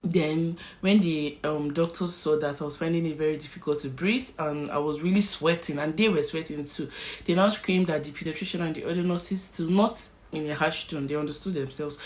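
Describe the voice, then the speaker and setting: Low-voiced Nigerian woman telling a story. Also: a little fast, a little hiss or hum, low-quality recording. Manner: animated, vivid storyteller who acts out scenes. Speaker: vlogger. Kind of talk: emotional story-time narration.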